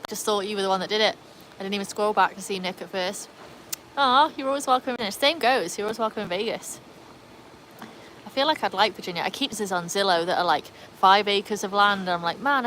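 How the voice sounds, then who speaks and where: A woman's voice: mid-range voice, a little fast, a bit bright, a little hiss or hum, poor audio. Chatty English-Welsh woman livestreaming outdoors. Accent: English with a Welsh tinge. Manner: chatty, answers viewer comments as she goes. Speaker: livestream host. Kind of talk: casual livestream chat.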